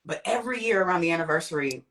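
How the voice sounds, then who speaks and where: A young woman with a lowish voice recounts a personal ordeal as a guest. She tells it vividly, leaping up in pitch whenever she acts out what someone said. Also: animated, rapid-fire, a bit bright. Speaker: guest sharing a testimony. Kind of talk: personal storytelling.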